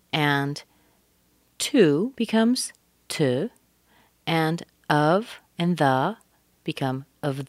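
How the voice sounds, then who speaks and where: A woman teaching English pronunciation, speaking deliberately and modeling words with exaggerated stress. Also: low voice, no echo. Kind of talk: pronunciation lesson.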